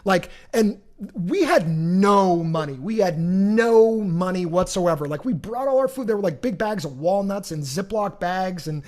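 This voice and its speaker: A middle-aged man hosting a podcast, telling a long personal story in an animated, rambling way with many restarts. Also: sits high, measured pace, hardly any pauses. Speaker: podcast host. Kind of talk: casual storytelling.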